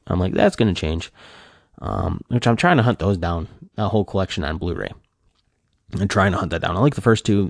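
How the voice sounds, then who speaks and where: Man, casual rambling chat, deep voice, excitable fan, dry sound. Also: gravelly, no room sound. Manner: rambling, filler-heavy with many restarts; animated fan gushing, voice jumps up when excited.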